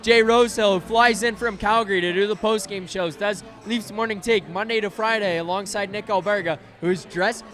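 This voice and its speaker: A man's voice: high voice, steady tone, normal speed, few pauses, a bit bright. A man hosting a live hockey post-game show from a bar, talking casually with fillers and restarts. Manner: casual, chatty, filler-heavy. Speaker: host.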